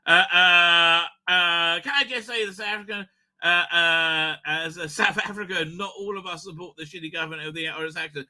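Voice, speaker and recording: Bright, high-voiced rambling male streamer. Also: fairly even intonation, moderate pace. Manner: rambling and profane, stammering fillers. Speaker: live stream host. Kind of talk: casual live stream chat.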